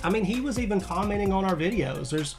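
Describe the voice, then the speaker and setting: A man co-hosting a reaction video in relaxed, joking casual chat. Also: high-pitched, fast talker, music in the background. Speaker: reaction channel co-host.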